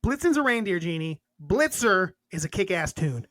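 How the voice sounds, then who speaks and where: A man's voice: high-pitched, very animated, normal speed, fairly bright tone, dry recording. A man co-hosting a podcast in casual chat, reading a list aloud and cracking crude jokes between items. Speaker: podcast co-host.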